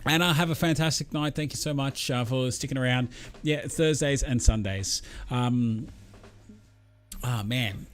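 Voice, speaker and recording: A man's voice: medium pitch, measured pace, faint music behind. A man chatting casually with viewers on a live stream, rambling in an easygoing way with lots of ums and thoughts that trail off.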